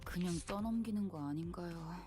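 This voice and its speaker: A woman's voice: fairly low pitch, very fast, mellow, soft background music, natural voice. An actress playing an irritable, diligent young woman in a game, talking in an exasperated, clipped way. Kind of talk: Korean game voice acting.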